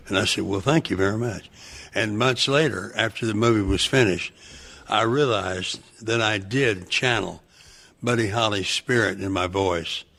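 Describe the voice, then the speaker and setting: A male actor as a podcast guest, telling rambling, excitable anecdotes and breaking into loud laughs. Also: fairly low pitch, vocal fry.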